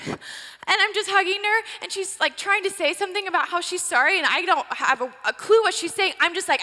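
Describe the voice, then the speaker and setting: A woman in her forties telling a sermon story dramatically, swinging from breathless excitement to hushed whispers. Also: very high voice, fairly quick. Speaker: preacher. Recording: long reverb of a large hall.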